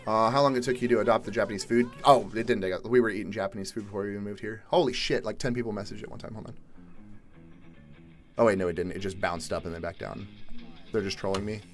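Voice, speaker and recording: A young man from Atlanta, Georgia, chatting casually on a live stream, reading viewer questions and answering in a laid-back way, with the odd swear word and loud exasperated outbursts. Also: fairly low pitch, fairly even intonation, quick pace. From Atlanta, Georgia, USA. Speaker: livestream host. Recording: faint music behind.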